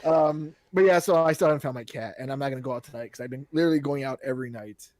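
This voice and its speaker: A man co-hosting a casual podcast, telling stories in an animated way and acting out the voices of people he quotes. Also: mid-range voice, rapid-fire, dry recording. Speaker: podcast co-host.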